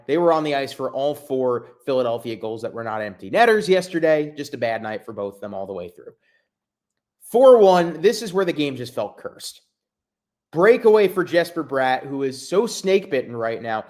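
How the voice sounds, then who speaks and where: A man hosting a solo sports podcast, exasperated, swinging between low muttering and loud outbursts. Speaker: podcast host.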